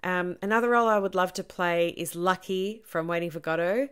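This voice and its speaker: Chatty actress, self-deprecating. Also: female voice, on the low side, brisk, clean tone. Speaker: stage actor. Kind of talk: casual Q&A answers to camera.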